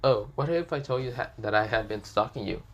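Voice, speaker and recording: A man's voice: mid-range voice, animated, fairly quick, highs cut off, slight background noise, lightly acted. A man putting on a teasing teenage schoolgirl. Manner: playful, cheeky, girly.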